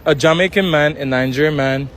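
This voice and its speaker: A man's voice: a little high, brisk, noisy background. A man interviewing people on the street, cheeky and laughing as he asks provocative questions. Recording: street with loud crowd.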